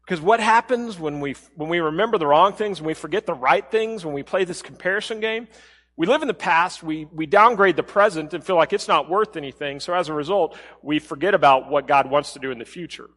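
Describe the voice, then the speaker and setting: A man preaching a sermon as a pastor, talking in a conversational way and dropping to a soft low voice when he quotes. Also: fairly quick, big-room sound.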